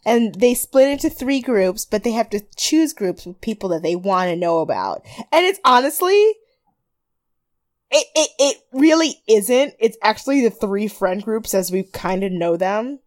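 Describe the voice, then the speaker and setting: A woman co-hosting a podcast in casual recap chat, animated and often laughing, with a mild stutter. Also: medium pitch, moderate pace. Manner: animated, laughing, mimics people in quoted voices. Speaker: podcast co-host.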